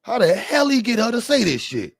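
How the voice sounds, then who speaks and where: A man hosting reaction commentary, animated and laughing, full of crude slang. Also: very high voice, fairly quick, vocal fry, breathy edge, dry recording. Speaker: commentary host.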